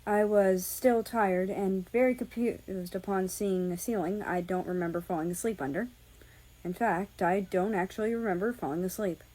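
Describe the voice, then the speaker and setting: A woman reading a first-person fan fiction story aloud, calm and measured. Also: medium pitch, poor audio. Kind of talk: first-person audiobook narration.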